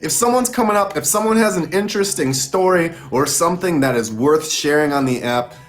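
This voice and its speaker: A man hosts a live-stream interview show with eager, chatty energy. His voice sits a little high for a man, and he laughs easily between questions. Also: expressive, brisk. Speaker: host.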